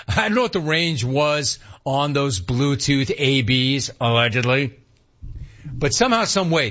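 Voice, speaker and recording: A man's voice: medium pitch, lo-fi sound. A man hosting a radio talk show, riffing animatedly and reading listener emails aloud. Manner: animated, riffing, mock-incredulous. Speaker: radio host.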